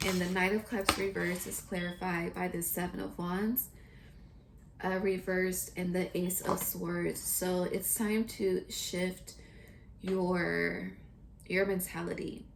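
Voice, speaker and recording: Woman tarot reader, lowish gravelly voice, earnest and chatty, faint hiss behind. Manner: earnest, chatty, often pauses to pray or think. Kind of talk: casual spiritual tarot reading.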